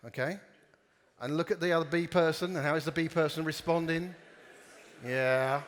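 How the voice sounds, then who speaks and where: A male speaker at a conference, his voice slightly high and fairly bright, gives a lighthearted talk full of jokes and audience games. The hall's long reverb is noticeable.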